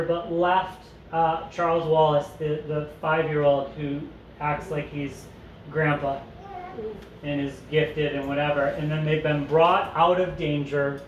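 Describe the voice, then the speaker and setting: A man teaching a parent study group in a casual, joking way, reading passages aloud and commenting on them. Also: on the high side. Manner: conversational, joking asides, reads aloud and comments. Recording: echoey room with faint noise.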